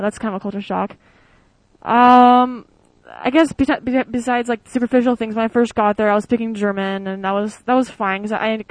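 A woman's voice: mid-range voice, no room sound, rough recording. A young American woman answering interview questions in a chatty, rambling way with lots of fillers. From United States. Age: young adult. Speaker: interviewee, former exchange student.

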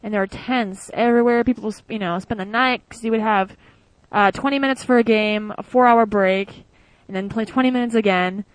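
A woman's voice: medium pitch, fairly even intonation, a little fast, hardly any pauses, no echo, rough recording. A young woman from the United States tells stories casually in an interview, chatty with many fillers and with quoted voices acted out. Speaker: former exchange student.

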